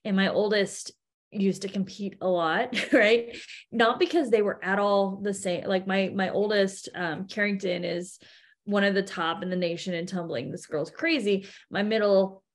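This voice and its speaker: A woman in her thirties, a podcast guest, telling stories about her daughters in an animated way and acting out what people said. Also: mid-range voice, normal speed. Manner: animated storytelling, acts out quotes. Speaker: podcast guest, event co-founder. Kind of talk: casual interview chat.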